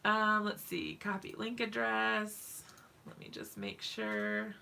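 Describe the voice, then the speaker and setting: Giggly gravelly-voiced woman chatting while crafting. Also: mid-range voice, slow pace, sharp tone, slight background noise. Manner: chatty, giggly, talks to viewers in chat. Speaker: craft live stream host. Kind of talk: casual live-stream chat while crafting.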